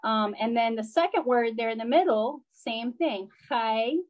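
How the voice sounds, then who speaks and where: A woman's voice: fairly high pitch, measured pace, dull audio. A woman teacher patiently explaining pronunciation in a live online class, using lots of fillers and frequent check-ins with her students. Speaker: language teacher.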